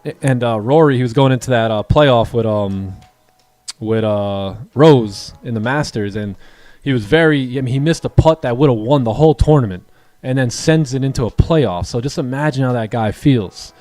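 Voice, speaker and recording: A man hosting a live trading stream, encouraging his students and telling animated stories with voiced quotes. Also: moderate pace, dry recording, faint music behind. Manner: animated storytelling, acts out quoted dialogue in a higher voice; encouraging, motivational. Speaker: day-trading coach and stream host. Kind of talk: casual livestream chat.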